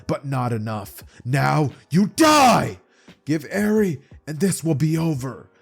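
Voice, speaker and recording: A man voicing a cruel adult male villain who talks in a menacing, shouting way. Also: medium pitch, steady tone, moderate pace, soft background music, lightly acted.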